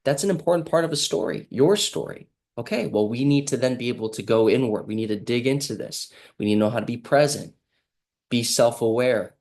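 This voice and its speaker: A man's voice: mid-range voice, expressive, brisk, creaky, darkish tone. Brief: male healer-host, earnest and meandering, talks straight to camera, acts out quoted lines himself. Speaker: healing practitioner and host. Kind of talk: casual motivational monologue.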